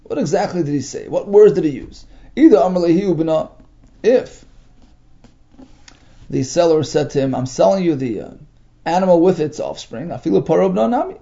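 A man teaching a Talmud text, reading out Aramaic phrases and explaining each in English, halting with many fillers. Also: a little high, animated, gravelly, dark tone. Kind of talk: text study lesson. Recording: dull lo-fi recording.

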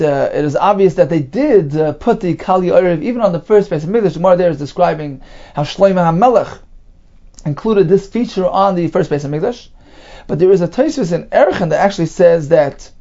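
Halting man explaining Talmud, muffled sound. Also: high-pitched, warm tone. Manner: reads Hebrew and Aramaic phrases then translates, many ums and restarts. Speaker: Talmud teacher. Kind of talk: Talmud study lesson.

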